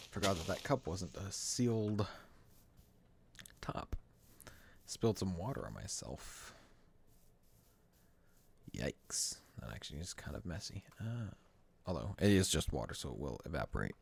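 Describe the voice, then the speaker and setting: A man's voice: low voice, very animated, measured pace, gravelly, long pauses, slightly rough. A man streaming a game, talking through his moves in a rambling, wry, self-correcting way at his desk microphone. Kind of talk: casual gameplay commentary.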